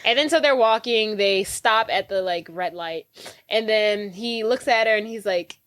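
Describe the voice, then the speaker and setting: A woman's voice: medium pitch, moderate pace, dry recording. A woman co-hosting a podcast, chatting casually about a film and acting out the characters' lines. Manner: animated, acts out characters' lines. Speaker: podcast co-host. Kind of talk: casual chat recapping a film.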